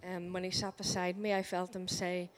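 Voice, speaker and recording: A woman in a church group quietly sharing a reflection, with hesitant fillers. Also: on the low side, flat delivery, normal speed, slight background noise. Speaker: group participant.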